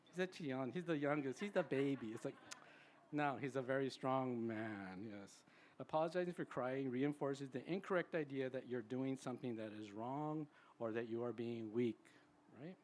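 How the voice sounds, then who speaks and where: Chatty and at normal speed, a man in his sixties speaks at a symposium as a psychologist, delivering a conversational public talk and frequently tacking on "right?". He has a medium-pitched, darkish voice, with a slight hiss or hum in the recording.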